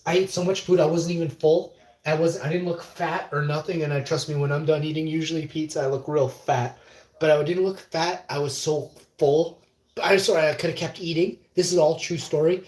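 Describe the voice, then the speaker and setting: A man's voice: on the high side, steady tone, brisk, a little mellow. A man livestreaming a long, meandering monologue of stories, swearing and trailing off mid-sentence. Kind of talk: rambling anecdotal monologue. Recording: roomy echo.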